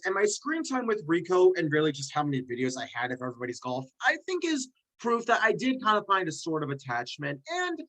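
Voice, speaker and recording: Lively, bright-voiced rambling host. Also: medium pitch, poor audio. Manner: rambling, quick asides and tangents. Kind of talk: casual chat ranking fictional characters.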